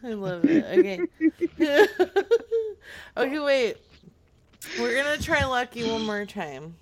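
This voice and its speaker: A woman's voice: a little high, sing-song, slow. A woman co-hosting a comedy show, giggly and playfully swearing in casual banter. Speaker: podcast co-host.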